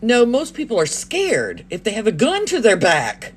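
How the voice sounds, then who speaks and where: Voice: medium pitch, normal speed, slight background noise. An adult livestreamer and parent telling a story casually to a live audience. They laugh often and act out the lines of others. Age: adult, parent of a child. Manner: animated, laughs often, acts out quoted lines.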